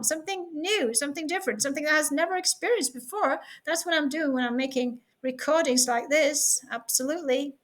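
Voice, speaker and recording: A woman's voice: high voice, moderate pace, sharp tone. A Norwegian woman speaking English, talking into a webcam at home in a playful, giggly, rambling way. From Norway. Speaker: vlogger. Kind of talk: casual vlog chat.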